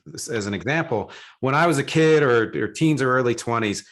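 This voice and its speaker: A middle-aged man with a Philadelphia-area American accent hosts a casual interview. His voice has an ordinary male pitch, and he talks eagerly in a rambling way, often restarting his sentences. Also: animated, a little fast, a bit bright. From South Jersey / Philadelphia area. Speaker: podcast host.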